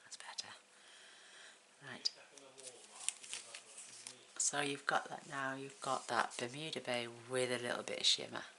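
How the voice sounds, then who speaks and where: A very deep-voiced woman from the UK hosts a relaxed crafting tutorial, chatting and counting pieces aloud as she works. The recording has clear background noise from the home craft room. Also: measured pace, pauses often, poor audio. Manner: chatty, counts items aloud, talks while working. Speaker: craft channel host.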